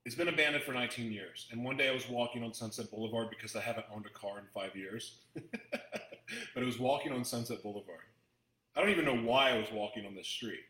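Talking fast in a medium-pitched, bright, forceful voice, a host addresses his audience in a casual storytelling talk, captured with roomy sound and poor audio. He rambles emotionally and keeps restarting his sentences.

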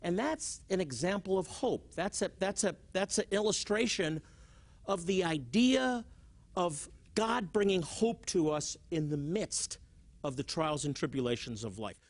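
Man teaching the Bible on TV. His voice is high for a man and swings widely in pitch. He tells stories and acts out his examples. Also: a little slow. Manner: animated, repeats words, acts out examples.

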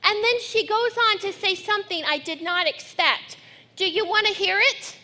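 A middle-aged woman pastor preaching a sermon, telling family stories with lively acted-out quotes. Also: extremely high pitch, moderate pace. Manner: storytelling, animated when acting out her daughter.

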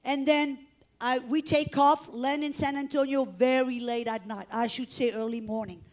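High-voiced woman preaching a dramatic testimony. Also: steady tone, moderate pace. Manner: dramatic storytelling, acting out shouts and prayers. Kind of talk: testimony sermon.

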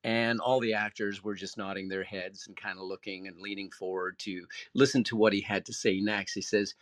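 A man joining a panel talk, telling a story in an earnest, animated way. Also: on the low side, normal speed, hardly any pauses, dry recording. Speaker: panel guest.

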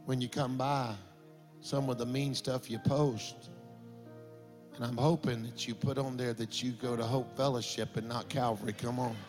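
A middle-aged man, a pastor telling a story in a sermon that builds to impassioned shouting. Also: medium pitch.

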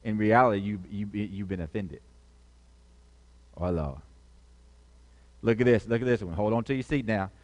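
A man's voice: fairly low pitch, moderate pace, pauses often, a little mellow, in a large hall. A male pastor preaching a sermon, calling out questions to the congregation and repeating key phrases.

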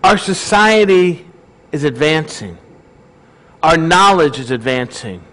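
A man's voice: a little high, expressive, slow pace, fairly bright tone, poor audio. A male pastor giving a casual, conversational sermon and often asking his congregation questions.

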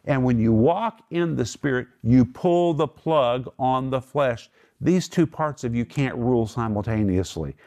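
A man teaching from the Bible, emphatic, raising his voice sharply for quoted lines and drawing out key words slowly. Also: mid-range voice, lively intonation, darkish tone.

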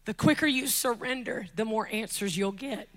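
A high-voiced, bright woman with a drawl preaches from a church pulpit. She jokes with the crowd, builds to shouted climaxes, then drops low and soft to press her point home. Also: normal speed. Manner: animated, joking asides, shouting climaxes, drops to soft intimate tones. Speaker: guest preacher. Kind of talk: lively sermon.

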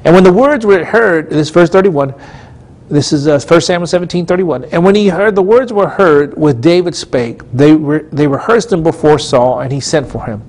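A man's voice: a little high, moderate pace, a little mellow. A man preaching in a studio, telling a testimony earnestly and with emphatic repetition. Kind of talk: storytelling sermon testimony.

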